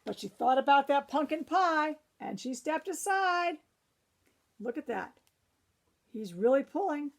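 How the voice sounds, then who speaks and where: A woman's voice: sits high, gravelly. A woman librarian reading a picture book aloud to children, breaking off for chatty asides to her young listeners.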